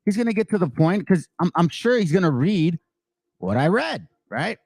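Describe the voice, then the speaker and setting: A man's voice: high-pitched, sing-song, normal speed, darkish tone. A man giving casual reaction commentary, blunt and mocking, swearing freely. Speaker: online commentator.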